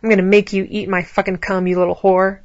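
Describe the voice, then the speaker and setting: Brief: a woman playing a crude, bossy man who snaps out commands, even and flat delivery. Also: mid-range voice, quick pace, no echo, muffled recording, natural voice. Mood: commanding. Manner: barking, crude orders. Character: rough, domineering man, harsh and commanding.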